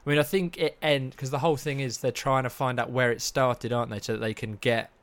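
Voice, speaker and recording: A man's voice: mid-range voice, flat delivery, quick pace, fairly bright tone. A man co-hosting a casual film chat, easygoing and rambling, with dry opinions. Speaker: podcast co-host.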